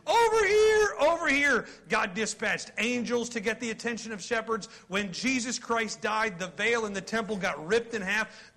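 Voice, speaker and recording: A man in his forties preaching a sermon, reading scripture aloud and joking in a folksy, animated way with his congregation. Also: high voice, vocal fry. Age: 40s. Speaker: pastor.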